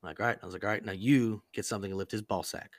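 A man's voice: on the low side, fairly even intonation, very fast, no room sound, studio quality. A man casually telling a crude prank story on a podcast, rambling and profane, full of "like" and acted-out quotes.

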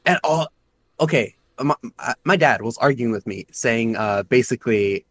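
A man's voice: medium pitch, expressive, moderate pace, fairly bright tone, no echo. A young man in casual chat, talking loosely with many "like" fillers. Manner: filler-heavy, says "like" constantly.

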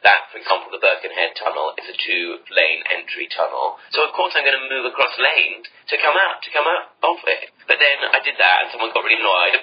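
A man's voice: lively intonation, quick pace, hardly any pauses, breathy edge. A man chatting casually and self-mockingly with his co-host over a video call. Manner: chatty, self-mocking, trails into lower mutters. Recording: slightly dull call audio with faint noise.

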